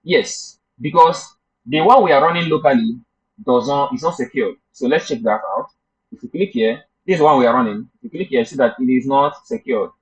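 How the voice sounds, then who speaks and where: This coding instructor's voice is mid-range and slightly rough, moving at a moderate pace. He teaches live, debugging aloud and chatting with the class, in a muffled lo-fi recording.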